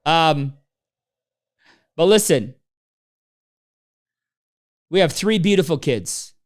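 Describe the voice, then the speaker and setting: Speaking very slowly in a fairly high, animated voice, a man gives a live motivational business talk. As a business trainer, he tells personal stories and acts out the people who appear in them.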